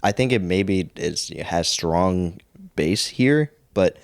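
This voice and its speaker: A man co-hosting a podcast in casual chat, measured and hedging as he talks things through. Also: deep voice, lively intonation, gravelly, no room sound, studio quality. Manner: measured, hedging with "I mean" and "I think". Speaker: podcast co-host.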